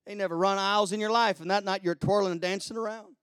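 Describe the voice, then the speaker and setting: A man with a high, smooth voice preaches a sermon on a dry, close recording. He drops to hushed asides, then climbs into shouted preaching full of hallelujahs. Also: steady tone, fast talker, dry recording. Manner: exclaims hallelujah and glory often.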